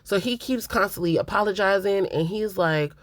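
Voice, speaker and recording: A woman's voice: medium pitch, moderate pace, no room sound, clean studio sound. A woman hosting a reality TV recap, talking candidly and emphatically straight to her viewers in a casual, opinionated way.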